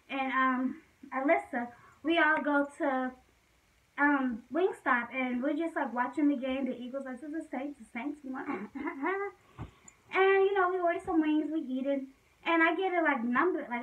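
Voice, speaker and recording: A woman's voice: high-pitched, moderate pace, distant mic, phone-quality sound. A young woman casually telling a personal story to the camera, chatty and full of fillers. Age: young adult. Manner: chatty, fillers like "like", frequent laughs.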